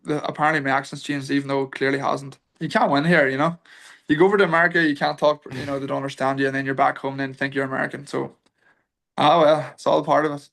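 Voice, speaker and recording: A man's voice: mid-range voice, little pitch movement, fast, vocal fry, a bit bright. A young Irish man, a guest on a podcast, telling stories in an easygoing way with many restarts. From Ireland. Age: young adult. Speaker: guest, football kicker. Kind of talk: casual podcast interview.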